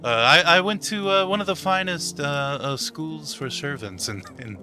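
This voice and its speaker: Guy doing a polite stammery goblin butler, bright voice, tabletop game. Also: on the high side, expressive, moderate pace, faint music behind, pitched above the performer's own voice. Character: prim well-kept male goblin servant.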